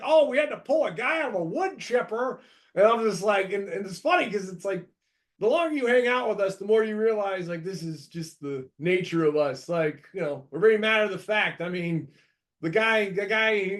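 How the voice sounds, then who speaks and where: A higher-pitched man in his thirties from the United States tells stories as a podcast host. He rambles with lots of restarts, then bursts into loud acted-out quotes. His voice sits high for a man. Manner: rambling, animated, acts out quotes with shouts. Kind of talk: casual storytelling chat.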